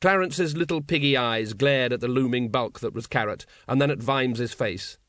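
A man reading a story aloud as an audiobook narrator, in a steady storytelling manner. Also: mid-range voice, moderate pace, no echo, clean studio sound. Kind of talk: scripted narration.

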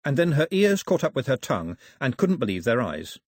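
A man narrating an audiobook in an expressive, wry storytelling manner. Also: medium pitch, fairly quick, breathy edge, no echo, studio quality. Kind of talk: scripted narration.

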